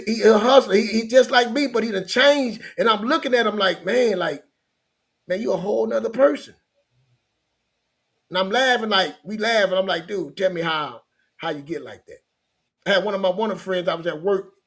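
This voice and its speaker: A man's voice: on the high side, a bit bright. A middle-aged man from Louisiana, telling his life story as a motivational coach in a loose, conversational way. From Louisiana, United States. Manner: loose, conversational, repeats himself and restarts.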